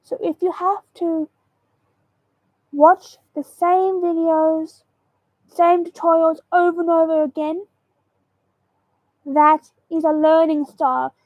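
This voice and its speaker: A woman vlogger giving a dramatic motivational monologue straight to camera, slow, theatrical and emphatic. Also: extremely high pitch, steady tone, no room sound, phone-quality sound. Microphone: camera mic.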